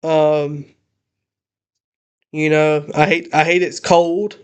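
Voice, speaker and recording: A young man ranting in a casual home vlog, emotional and halting with many restarts, recorded on a laptop in his parents' house. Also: on the high side, flat delivery, clear, resonant tone. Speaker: channel host.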